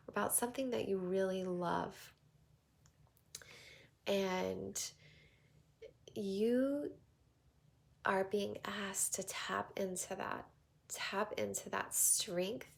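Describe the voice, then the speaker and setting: A woman with a Southern accent giving a tarot card reading, talking softly and prayerfully, slipping into whispers. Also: mid-range voice, creaky. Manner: slow, soft, prayerful delivery with drifting whispers. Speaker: tarot reader.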